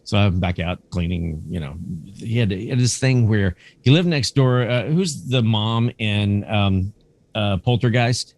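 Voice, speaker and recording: A man in his fifties, a cinematographer and museum curator, chatting as a podcast guest and telling animated stories. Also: fairly low pitch, measured pace, dry recording. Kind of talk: casual anecdotal storytelling.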